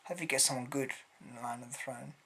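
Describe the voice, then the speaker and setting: Man, casual vlog, rambling and hesitant, husky, raspy. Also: mid-range voice, fairly even intonation, fast talker, bright, forceful tone. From Britain. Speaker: vlogger.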